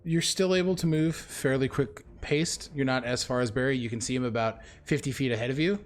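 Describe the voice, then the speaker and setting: A man running a tabletop role-playing game as game master, casual and swearing when excited. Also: mid-range voice, brisk.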